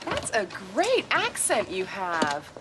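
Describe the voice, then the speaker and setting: A woman's voice: mid-range voice, wildly swooping pitch, slow pace. An actress playing a visiting tourist woman, teasing and a little flirty. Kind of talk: sitcom acting. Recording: noisy TV sitcom audio.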